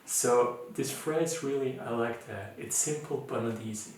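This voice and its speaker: A man with a non-native English accent, leading a mindfulness challenge as its teacher in an informal, gentle talk full of fillers and restarts. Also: medium pitch, measured pace. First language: not English. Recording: echoey room, voice from far off.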